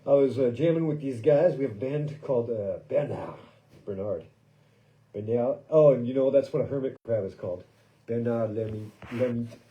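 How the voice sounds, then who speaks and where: A man's voice: medium pitch, quick pace, few pauses, muffled recording. A man hosting his own podcast in a casual, rambling monologue, joking and poking fun at himself, with loose fillers, recorded indoors in a workshop studio. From lives in Paris. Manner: jokey, self-mocking, loose with fillers. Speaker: podcast host and musician.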